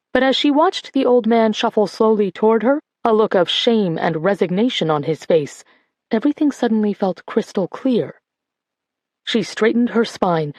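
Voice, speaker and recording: A woman narrating a novel in a measured, clear way. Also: mid-range voice, a little mellow, no room sound. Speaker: audiobook narrator. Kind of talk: scripted narration.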